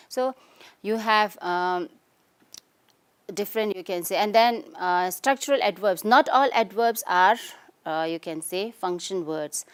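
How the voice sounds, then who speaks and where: A woman's voice: medium pitch, clean tone. Tibetan-accented woman teaching English grammar. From Tibetan community in India. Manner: explanatory, frequent "okay?" and "you can say" checks. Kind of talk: recorded lesson.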